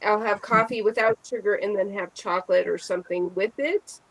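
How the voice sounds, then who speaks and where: A woman chatting casually as a guest, telling animated stories and acting out what people said. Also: mid-range voice, a little fast, no room sound, poor audio. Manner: animated storyteller who acts out quotes. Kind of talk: casual chat, telling anecdotes.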